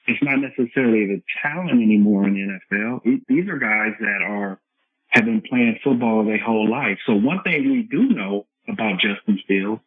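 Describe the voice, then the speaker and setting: A man with a lowish, slightly rough voice speaks at normal speed as a coach and guest on a conversational podcast interview. He explains things in an earnest, repetitive way, and the audio is tinny phone-line sound with no room echo.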